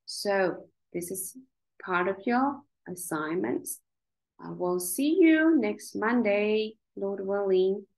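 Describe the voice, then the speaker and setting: A spelling tutor gives a child a one-on-one phonics lesson, carefully sounding out letters and syllables at a slow, deliberate pace. Her expressive, slightly mellow voice swings widely in pitch as she coaxes the child along, though the audio quality is poor.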